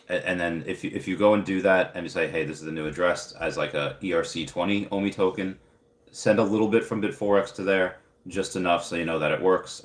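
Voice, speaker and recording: Man, very low voice, roomy echo, casual livestream host, rambling, filler-heavy. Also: a bit bright. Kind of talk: casual live chat reading viewer comments.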